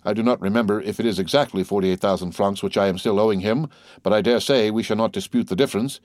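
A man reading the part of a suave, courteous nobleman count, speaking in a smooth, measured way. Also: lowish voice, a little mellow, dry recording, clean studio sound, lightly acted.

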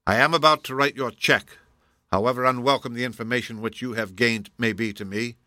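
A man's voice: medium pitch, fairly even intonation, a little fast, sharp tone, no room sound, studio quality, lightly acted. A man voicing a stern, aging male duke in an audiobook, clipped and imperious. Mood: strained. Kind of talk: audiobook character voice.

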